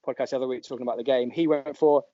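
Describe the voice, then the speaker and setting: Chatty, giggly podcast host. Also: male voice, mid-range voice, fairly even intonation, racing, warm tone, dry recording. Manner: laughing, chatty, reading out listener tweets. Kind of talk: casual chat. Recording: dull lo-fi podcast audio.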